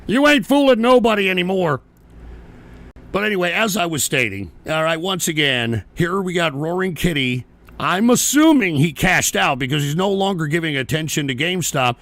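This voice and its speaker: A man's voice: fairly high pitch, lively intonation, normal speed, a bit bright, dry recording. A man hosting a live-stream show, ranting in casual, profane and combative commentary and mocking viewers who send messages. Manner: talks back to viewer messages.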